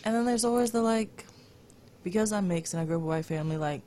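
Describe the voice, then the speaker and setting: A woman's voice: medium pitch, fast, mellow, slight background noise. A young woman, speaking bluntly in a casual podcast chat. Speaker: podcast co-host.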